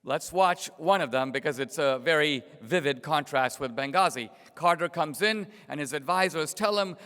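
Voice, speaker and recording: A middle-aged man gives a political speech, with storytelling and sardonic asides. His voice sits a little high and sounds smooth and resonant. A long hall reverb trails his words. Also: moderate pace, hardly any pauses, a bit bright. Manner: storytelling, sardonic, rhetorical questions. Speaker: invited speaker.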